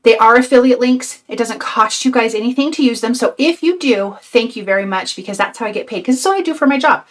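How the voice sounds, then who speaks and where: This craft channel host, an older woman, talks fast in a slightly high voice with hardly any pauses on her casual live stream. She is sweet, upbeat and chatty, reading viewer comments aloud while sounding tired and somewhat breathless.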